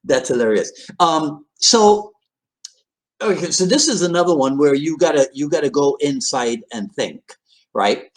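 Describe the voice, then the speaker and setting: A man hosting an interview podcast, asking questions with halting restarts and lots of yeahs. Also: on the high side. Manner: animated, halting restarts, frequent backchannel. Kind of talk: casual interview conversation.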